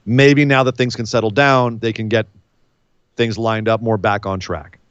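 A man co-hosting a casual wrestling recap chat, animated and acting out scenes in silly voices. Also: fairly low pitch, moderate pace, clean tone, dry recording, highs cut off. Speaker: podcast co-host.

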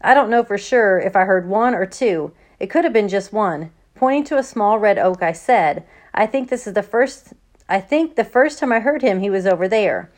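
An eager young boy, worried but excited on a hunting trip, read by a woman. The voice is a touch higher than the reader's own, at a middle pitch. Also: normal speed, close to an everyday voice.

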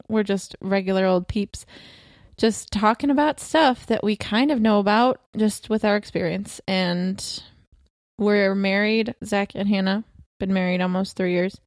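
A woman in her twenties co-hosting a home podcast with her husband, talking in a relaxed, giggly way full of "like" and "um". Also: medium pitch, dry recording, clean studio sound. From California. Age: 20s. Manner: laid-back, giggly, filler-heavy. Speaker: podcast co-host. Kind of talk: casual chat. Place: bedroom at home.

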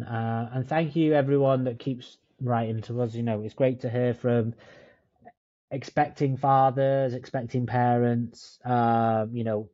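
A man's voice: mid-range voice, warm tone, no room sound, dull audio. A man co-hosting a casual podcast chat, laid-back, swearing now and then and calling his friend mate. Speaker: podcast co-host. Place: in Dublin, remote call.

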